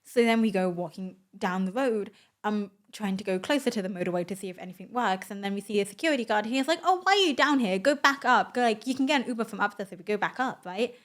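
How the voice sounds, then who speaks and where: Young woman doing a chatty vlog voice-over, excitable, says "like" a lot, mid pitch. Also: fast. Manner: chatty and excitable, full of "like" and "oh my god". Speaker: vlogger. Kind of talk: casual voice-over storytelling.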